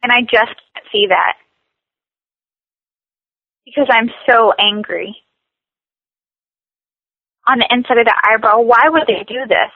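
A woman with a fairly high voice leads a guided tapping session, repeating short phrases slowly. The sound is dull and lo-fi, as over a call, and dry with no room echo. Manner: slow, repetitive scripted phrases. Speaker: tapping coach.

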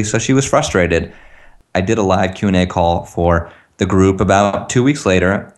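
A man with a very low voice coaches listeners on a call. He talks earnestly and acts out the sentences they could repeat. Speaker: tapping practitioner, guest on a call. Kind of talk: teaching talk on a call.

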